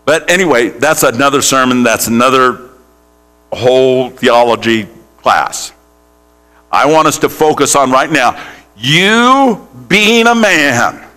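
A man's voice: mid-range voice, measured pace, long pauses, bright, forceful tone. A male pastor preaching a sermon in a church, putting questions straight to the congregation. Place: church sanctuary.

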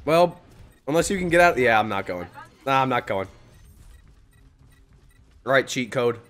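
A young man streaming a team shooter, swearing often and yelling excited callouts to his teammates. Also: mid-range voice, measured pace. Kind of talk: live gameplay commentary with team callouts.

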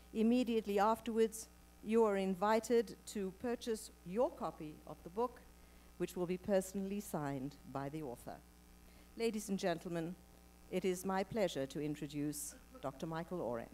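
A woman introducing a speaker to an audience, reading from a script in a measured, formal way. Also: mid-range voice, a little mellow. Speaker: event presenter introducing the speaker. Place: lecture hall with live audience.

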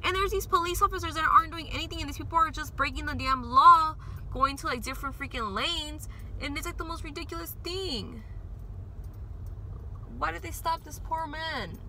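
A young woman vlogs into her phone from her car, her voice high and very bright. She rambles emotionally, swinging between upbeat and frustrated, with faint road noise underneath. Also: moderate pace, rough recording. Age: young adult. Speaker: vlogger. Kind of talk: casual vlog while driving.

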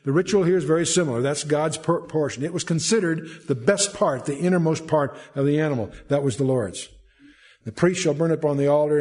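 A man's voice: a little high, a little fast, a little mellow. A man teaching a verse-by-verse Bible study, reading scripture aloud and then explaining it in a conversational way with frequent restarts.

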